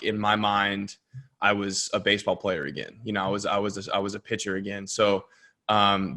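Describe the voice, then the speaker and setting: A young man, a baseball pitcher co-hosting, talking earnestly and reflectively in casual chat. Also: pushed and bright. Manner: reflective, earnest, builds energy when making a point.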